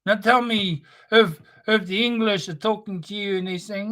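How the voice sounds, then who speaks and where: High-voiced man ranting with heavy swearing. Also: steady tone, moderate pace, hardly any pauses, a bit bright. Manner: heavy swearing, preachy and confrontational. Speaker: livestream host. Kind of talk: impassioned spoken-word monologue.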